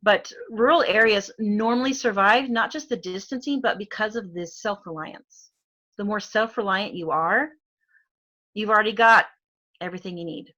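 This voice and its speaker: Woman, middle-aged, Arizona accent, bright tone, casual chat, chatty, fillers. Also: medium pitch, normal speed, lo-fi sound. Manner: chatty, laughs often, many fillers. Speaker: guest.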